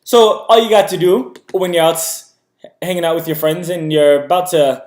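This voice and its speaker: A man's voice: fairly high pitch, steady tone, normal speed, darkish tone, reverberant. A man hosting a casual educational vlog in a put-on Irish accent, playfully explaining step by step. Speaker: host.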